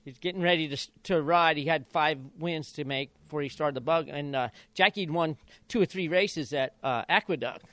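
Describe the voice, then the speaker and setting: A man's voice: a little high, brisk, no echo. An older man from Idaho, a retired jockey and father of jockeys, telling stories in a casual interview and acting out quotes with laughs. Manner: animated storyteller, acts out quotes with laughs.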